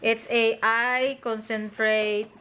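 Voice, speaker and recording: Mom, 30s, chatty and giggly, pitched a bit high, faint background hiss; casual family vlog host. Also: female voice, slow. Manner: chatty, excitable, laughs often. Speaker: vlogger mom.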